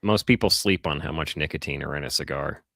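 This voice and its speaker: Podcast co-host, male, deep voice, dry close mic, animated swearing storyteller. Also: fast, creaky, no echo. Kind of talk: casual banter among friends.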